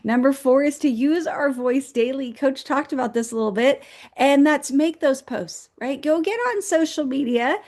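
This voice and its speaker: A woman's voice: high voice, moderate pace, a little mellow. A woman co-hosting a motivational show, giving upbeat, encouraging advice as numbered points. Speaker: co-host. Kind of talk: motivational talk.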